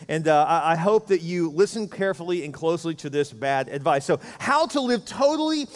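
A man's voice: fairly high pitch, animated, brisk. A man pastor giving a conversational, joking sermon full of rhetorical questions. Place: church sanctuary. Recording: church hall reverb.

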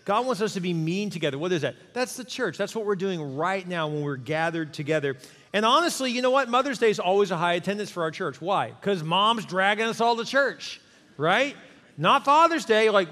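A middle-aged man preaching a sermon in a church, animated and conversational, acting out quotes as he goes. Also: high voice, a little fast, big-room sound. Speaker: pastor. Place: church sanctuary.

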